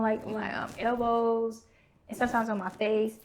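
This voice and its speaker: A woman in her thirties hosting a podcast, telling her own story candidly and acting out quoted dialogue in an animated way. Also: a little high, moderate pace, vocal fry.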